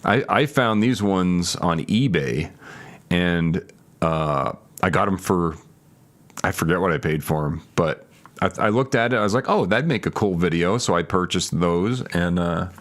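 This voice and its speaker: Man, very low voice, casual live-stream chat, thinks aloud, answers chat. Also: animated, unhurried. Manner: thinks aloud, hedging and restarting; reads viewer comments and replies.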